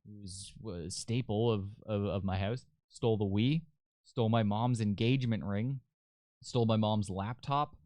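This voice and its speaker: Young man with a smooth low voice. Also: moderate pace, darkish tone, dry recording, studio quality. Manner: loose and profane, rambling. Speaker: podcast host. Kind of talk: casual storytelling.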